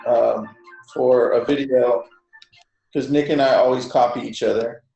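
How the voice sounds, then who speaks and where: A man's voice: mid-range voice, fairly even intonation, a little slow, gravelly, dark tone, dull audio. A man co-hosting a casual chat about video tools, easygoing and a little hesitant. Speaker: co-host. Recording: echoey room with faint music.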